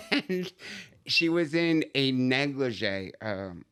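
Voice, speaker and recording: Man, animated storyteller, bright voice, smooth and clear, laughs a lot. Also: medium pitch, drawn-out words. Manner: animated storyteller, laughs often, slips into Spanish. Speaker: guest. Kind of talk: storytelling in a casual chat.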